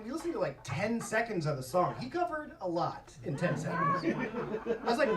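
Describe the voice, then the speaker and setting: A man's voice: high-pitched, wildly swooping pitch, normal speed, pauses often, over a noisy crowd, heavy background noise. A man doing stand-up, telling a long story in a profane, self-mocking way on a comedy club stage. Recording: roomy live club from a distance. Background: audience laughter.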